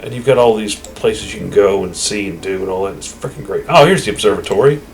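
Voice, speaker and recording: A man's voice: on the low side, quick pace, slight background noise, low-quality recording. A man casually commenting on his space game and reading its dialogue aloud. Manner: chatty, offhand, yawning. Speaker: gaming YouTuber.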